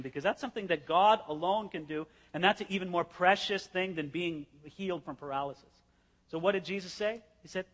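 A man preaching with a high, bright voice that rings through a large hall. He tells the story vividly, stepping into each scene as he explains it. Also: fairly quick. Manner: animated storytelling, acting out scenes. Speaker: pastor. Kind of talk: expository sermon.

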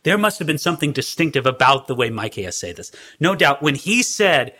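A man preaching a sermon who tells the story in an animated way and acts out the scenes. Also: a little high, a little fast. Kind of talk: expository sermon.

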